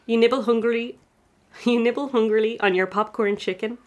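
A woman's voice: a little high, fairly even intonation, brisk. A young woman, reading her old fan fiction aloud on a comedy podcast, giggling and poking fun at herself between passages. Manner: giggly, self-mocking, laughing through the reading. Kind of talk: reading aloud with comic asides.

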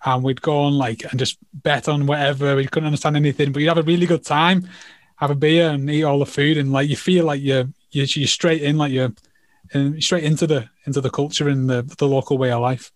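A man's voice: fairly high pitch, fairly even intonation, a little fast, no echo, clean studio sound. A man hosting a casual interview, talking in a rambling way full of "like.". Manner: rambling, filler-heavy with "like". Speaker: host.

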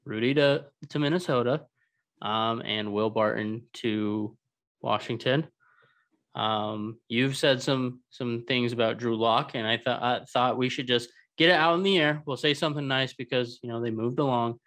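A man co-hosting a casual sports podcast, giving dry, sarcastic praise with many ums and pauses. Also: medium pitch, a bit bright. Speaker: co-host.

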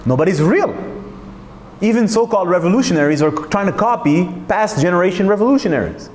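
A man's voice: sits high, expressive, fast, a little mellow, reverberant, a little hiss or hum. A man hosting a talk, speaking in an emphatic, searching way, full of rhetorical questions and restarts. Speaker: host. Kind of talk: reflective monologue.

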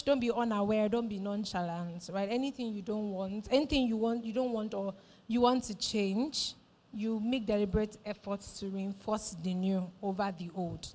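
A woman's voice: mid-range voice, a little mellow. A woman pastor, preaching a sermon in church and repeating her phrases for emphasis, often asking "right?".

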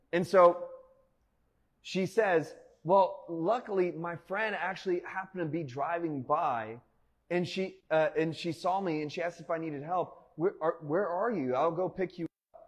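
A man preaching a sermon in a conversational way, telling a personal story with frequent "like" fillers and laughter. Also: fairly high pitch. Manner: conversational, animated, laughs often, many "like" fillers. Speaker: pastor.

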